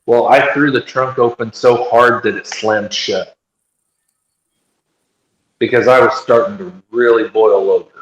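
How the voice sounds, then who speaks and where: A man telling a story in casual chat, animated, and acting out what other people said. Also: medium pitch, measured pace, long pauses, highs cut off. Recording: echoey room.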